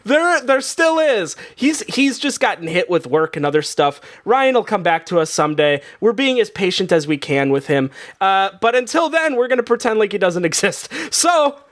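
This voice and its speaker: A man's voice: high voice, very animated, normal speed, few pauses, fairly bright tone. A man hosting a comedy game show in casual banter, rambling and laughing with lots of restarts.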